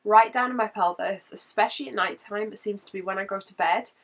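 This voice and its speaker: Croaky woman vlogging. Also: mid-range voice, fairly quick, distant mic. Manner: chatty, laughs between points. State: croaky from a cold. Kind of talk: casual chatty update.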